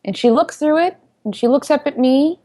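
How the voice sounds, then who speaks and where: A woman in her thirties, a founder telling her story in an interview, animated and quick to act out what people said. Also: high voice. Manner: animated storyteller who acts out quoted voices.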